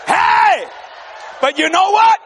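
An older man preaching a sermon, telling joking stories with exuberant bursts of shouting. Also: very high-pitched, slow, some chatter behind, a little hiss or hum.

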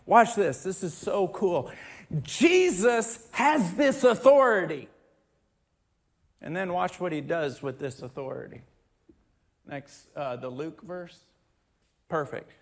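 A male pastor giving a sermon, moving from a family story into loud, emphatic preaching with scripture reading. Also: sits high, very animated, takes it slowly.

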